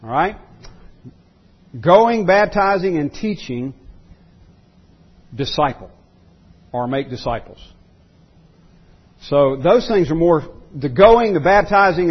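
Husky-voiced pastor preaching a sermon. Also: male voice, fairly high pitch, animated, a little slow, long pauses, muffled recording. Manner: many restarts, repeats words for emphasis.

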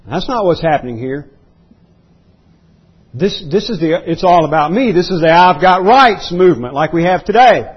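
Husky-voiced man preaching a sermon. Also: high voice, animated, normal speed, dull audio. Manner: emphatic preaching that rises into voiced outbursts; clears throat often, repeats words. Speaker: pastor. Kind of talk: expository sermon.

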